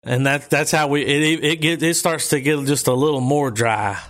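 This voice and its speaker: A man's voice: a little high, normal speed, a bit bright. A man in casual podcast chat, rambling and swearing, with a lot of "like". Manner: rambling, profane, full of "like".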